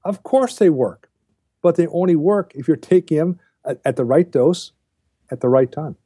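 A man's voice: on the high side, lively intonation, moderate pace, warm tone, husky, no room sound, studio quality. An older man speaking as a guest on a podcast interview, lecturing bluntly and with emphasis. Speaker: guest, diet researcher.

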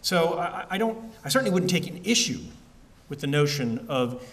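A man speaking as an author at a library event, answering audience questions in a relaxed, conversational way with frequent fillers and restarts. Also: a little high, normal speed. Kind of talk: bookstore-style author talk and Q&A.

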